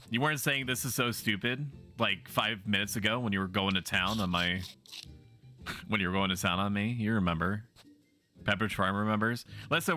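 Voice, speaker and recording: A man's voice: fairly low pitch, bright, forceful tone. A man streaming a game, chatting playfully and bawdily with his viewers in a teasing, casual way. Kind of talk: casual gaming commentary.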